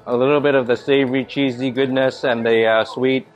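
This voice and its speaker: A man's voice: medium pitch, level tone, a little fast, soft background music. A man hosting a casual food vlog, tasting and describing donuts with relish. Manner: savoring, describes food with enthusiasm. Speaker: food vlogger host. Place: donut shop.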